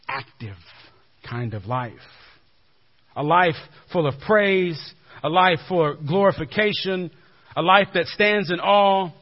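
A male pastor giving a sermon in a conversational way, dropping to a hushed low voice for emphasis. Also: husky. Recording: dull lo-fi recording.

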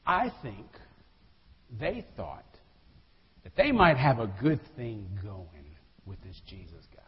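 A man's voice: mid-range voice, wildly swooping pitch, takes it slowly, long pauses, husky. A man preaching a sermon as a pastor. He speaks with animation, addresses the congregation directly and acts out the quotes. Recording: dull audio with long hall reverb.

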